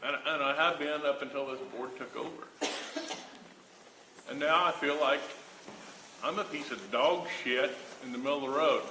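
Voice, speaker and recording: A man's voice: medium pitch, moderate pace, long pauses, background noise. A man speaking at a county board meeting, complaining in an aggrieved, pleading way that he is being singled out. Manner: aggrieved, pleading, rising to anger. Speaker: county employee addressing the board. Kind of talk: public comment at a meeting. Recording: echoey meeting room.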